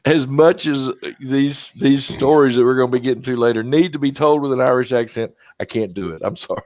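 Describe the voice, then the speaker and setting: A man's voice: mid-range voice, a little fast, darkish tone, no echo, studio quality. A man hosting a podcast, talking casually with lots of fillers and self-deprecating asides. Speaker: podcast host.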